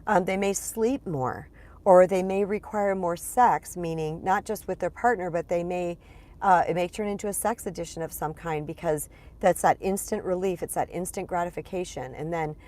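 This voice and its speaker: A woman's voice: lowish voice, normal speed, darkish tone. A woman life coach talking casually to a live audience, a little congested, often repeating words and calling them "you guys.". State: congested, clearing throat. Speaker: spiritual empowerment coach. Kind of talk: casual live-stream talk to viewers.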